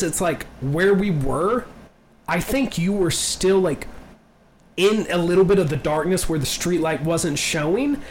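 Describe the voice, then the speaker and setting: Young male podcast host, animated storyteller, cusses freely, voices the people in his anecdotes. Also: high-pitched, a little hiss or hum. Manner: animated storyteller, acts out quotes, swears often. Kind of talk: casual chat.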